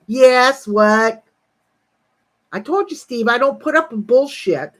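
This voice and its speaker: A woman's voice: on the high side, expressive, slow. Woman in her sixties, rambling and profane. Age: 60s. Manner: breaks off to greet chat viewers. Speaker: livestreamer. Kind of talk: casual livestream chat.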